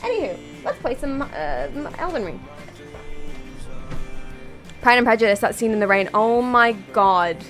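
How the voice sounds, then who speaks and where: A woman's voice: fairly high pitch, very animated, unhurried, long pauses, a bit bright, soft background music. Tired, rambling young British woman streamer. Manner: rambling, tangential, jokey. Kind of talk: casual chat with viewers while gaming.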